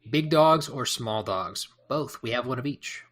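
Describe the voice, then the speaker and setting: A man hosting a podcast, reading out quick-fire questions and answering them himself, often hesitating and rambling with fillers. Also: medium pitch, lively intonation, fairly bright tone. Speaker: podcast host.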